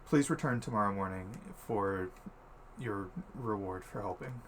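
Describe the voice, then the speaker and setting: A tired, dignified old king, voiced by a man, speaking formally with small stumbles in a tabletop game. The voice is low and slow. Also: fairly bright tone, a little hiss or hum. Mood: weary. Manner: measured, hesitant, formal. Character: weary, composed older male king.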